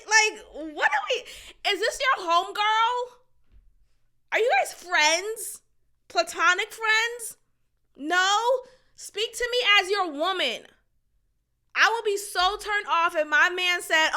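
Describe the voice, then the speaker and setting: A woman's voice: very high voice, lively intonation, measured pace, bright, forceful tone. A woman hosting a podcast, chatting casually about a reality show in a blunt, opinionated way, swearing and laughing often. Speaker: podcast host.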